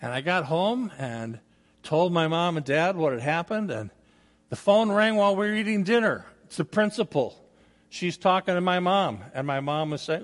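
A man's voice: high voice, big pitch swings, moderate pace. An older man preaching a sermon as a guest preacher, telling personal stories in a folksy way. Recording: long reverb of a large hall.

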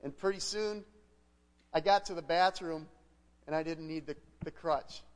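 A man's voice: on the high side, normal speed. A middle-aged man, a guest pastor, preaching a sermon as a conversational personal story with frequent restarts. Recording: long hall reverb.

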